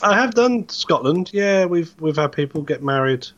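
A man's voice: on the high side, animated, normal speed, fairly bright tone, dull audio. A man co-hosting a casual podcast, telling rambling, easygoing stories about his driving work. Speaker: podcast co-host, truck driver. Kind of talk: casual chat.

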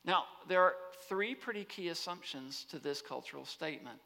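Animated man lecturing in an echoing hall. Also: a little high, normal speed, vocal fry. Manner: animated, rhetorical, checks in with the audience. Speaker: speaker. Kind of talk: lecture-style talk to students. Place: large hall on a college campus. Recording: long hall reverb.

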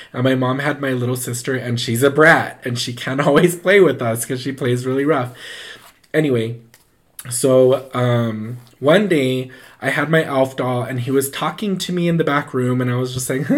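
A man's voice: mid-range voice, moderate pace. Guy, loose chatty storyteller, plays every voice himself, fillers everywhere. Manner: animated, acts out quoted voices; loose and rambling, full of "like". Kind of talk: casual storytelling.

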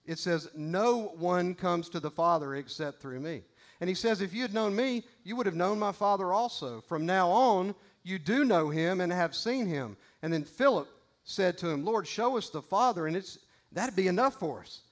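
A man with a fairly high voice delivers a sermon in an earnest, conversational way. He reads scripture aloud and breaks off for casual asides to the congregation. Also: expressive, normal speed. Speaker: pastor.

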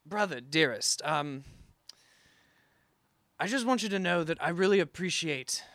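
A man playing a pompous, formal English gentleman who speaks stiffly and hesitates in an improvised comedy sketch. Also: on the high side, expressive, measured pace, creaky, no echo, heavily acted. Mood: sentimental. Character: pompous English gentleman abroad, fussy and proper.

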